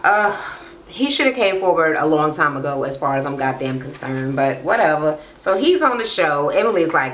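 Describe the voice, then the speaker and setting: A woman's voice: sits low, big pitch swings, normal speed, slight background noise. A woman casually recapping a reality show episode, with sassy, profane, mocking commentary. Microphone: camera microphone. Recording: roomy, echoey room.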